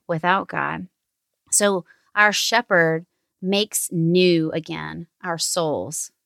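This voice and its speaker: A woman in her thirties hosting a family prayer and meditation time, speaking slowly and encouragingly to her son. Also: fairly low pitch, dry recording, clean studio sound. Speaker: host of family devotional. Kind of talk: gentle guided family devotional.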